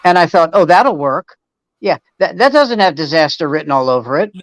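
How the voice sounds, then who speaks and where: A man's voice: a little high, quick pace, dry recording, low-quality recording. A man, a veteran standup comedian hosting the show, telling a profane story and acting out the voices of the people in it. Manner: animated anecdote teller, acts out voices, profane. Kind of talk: casual chat.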